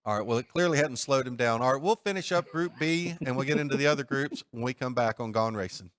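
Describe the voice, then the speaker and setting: A man hosting a sports betting talk show from a studio, talking in a steady, methodical way. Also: mid-range voice, fast, dry recording. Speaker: host.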